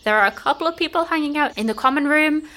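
A woman running a tabletop role-playing game, describing the scene to players in a relaxed way, full of "like" fillers. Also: high voice, quick pace. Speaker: game master.

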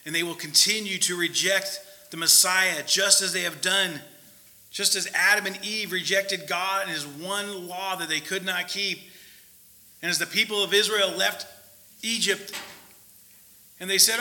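A man preaching a conversational sermon, often checking in with his listeners and moving between loud emphasis and quiet asides. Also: sits high, steady tone, unhurried, poor audio.

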